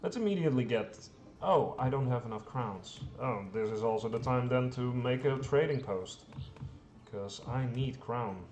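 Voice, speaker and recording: In an echoey room with faint hum, a let's play host talks his way through a strategy game in a mid-range, animated voice at moderate speed. His commentary is rambling and self-deprecating, heavy on fillers with the odd mild swear.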